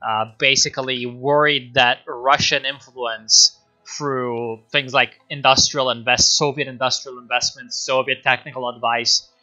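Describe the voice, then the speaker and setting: A man streaming casually, giving history commentary in a rambling, profane, animated way. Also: medium pitch, a little slow, dull audio, faint music behind.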